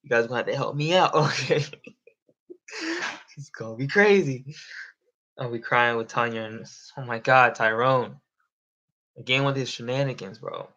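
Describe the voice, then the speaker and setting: A man's voice: mid-range voice, normal speed, pauses often, bright, forceful tone, lo-fi sound. A young man chatting casually on a live stream, rambling and swearing, often laughing. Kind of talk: casual livestream chat.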